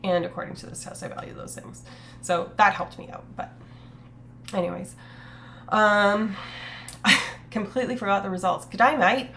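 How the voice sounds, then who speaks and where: A woman's voice: mid-range voice, fairly even intonation, moderate pace, pauses often, pushed and bright, a little hiss or hum. A woman streamer in casual livestream chat, sniffly with a stuffy nose, rambling and swearing casually as she talks to her chat.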